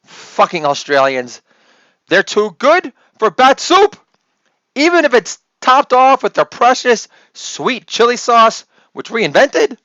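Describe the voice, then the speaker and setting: A man voicing a fuming, scornful personified nation in a slow, sneering rant. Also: very high voice, sing-song, pushed and bright, no echo, pitched above the performer's own voice, exaggerated voice. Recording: dull lo-fi dry recording.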